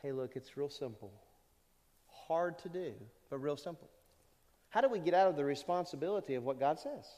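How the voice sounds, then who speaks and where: A pastor in his fifties preaching a sermon to a congregation, animated and asking the listeners rhetorical questions. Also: fairly high pitch, moderate pace, big-room sound. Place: church service in a large hall.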